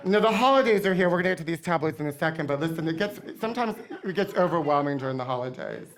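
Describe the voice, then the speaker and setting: A middle-aged man hosting a comedy show, telling campy, gossipy stories to a live audience with deadpan punchlines. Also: a little high, very fast. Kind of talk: comic storytelling to a live audience.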